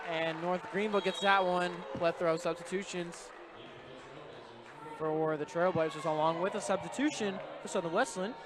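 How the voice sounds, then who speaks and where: A young man with a somewhat high voice calls a volleyball match play by play in a brisk, chatty way. The broadcast audio is noisy, with gym sounds and bouncing balls clearly under his voice. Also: crowd noise. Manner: brisk, conversational play-by-play calling. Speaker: play-by-play commentator. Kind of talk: live volleyball commentary. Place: indoor college gym. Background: gym noise with bouncing balls.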